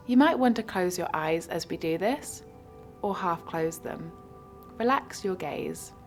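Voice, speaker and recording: A woman leads a guided meditation in an unhurried, soothing voice, pausing between each gentle instruction. Her pitch sits in a middle range, and faint music plays quietly beneath her. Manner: slow, soothing, evenly paced instructions. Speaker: mindfulness guide.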